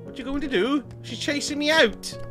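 A man's voice: very high-pitched, moderate pace, a bit bright, soft background music. A man giving cheeky, chatty commentary while playing a game on a live stream, swearing and laughing often. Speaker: gaming streamer. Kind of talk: casual let's-play commentary.

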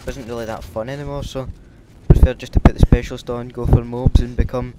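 A man's voice: mid-range voice, level tone, a little fast, muffled recording, very noisy. A Scottish man giving casual, hesitant commentary over his gameplay, with lots of filler ums. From Scotland. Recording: loud game gunfire behind.

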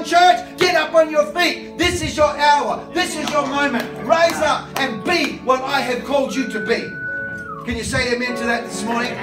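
High-voiced preacher in an echoey hall. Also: male voice. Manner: storytelling with comic voices for characters. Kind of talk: sermon. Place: church hall. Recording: echoey hall, mic from a distance.

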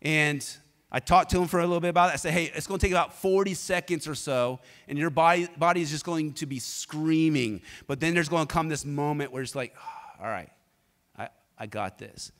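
A man with a fairly high voice preaches in a loose, storytelling way, drawing answers from the congregation as he goes. His voice rings out with the long reverb of a church sanctuary. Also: brisk. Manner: energetic, conversational, prompts the congregation to respond. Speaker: pastor. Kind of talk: sermon with personal storytelling.

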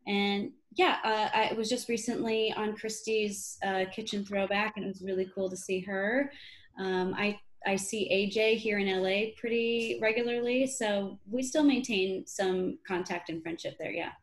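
A woman's voice: mid-range voice, fairly even intonation, normal speed, low-quality recording. A woman in her thirties from Chicago, an actress talking casually in an interview, with lots of "you know" and "um". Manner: chatty, many fillers like "you know" and "um". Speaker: actress guest.

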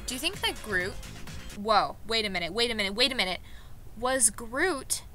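Bright, excitable young woman vlogger. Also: fairly high pitch. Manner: excitable, self-mocking, quick reactions. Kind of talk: casual gaming commentary. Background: background music.

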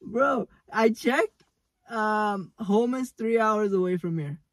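A young man vlogs from inside his car during a road trip, rambling nervously and making fun of himself. His voice sits high and fairly bright, he speaks slowly, and there's no room sound.

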